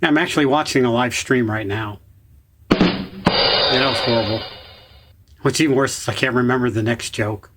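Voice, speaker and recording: A man's voice: medium pitch, brisk, loud music behind the voice. A man telling corny jokes in an upbeat, playful comedy bit.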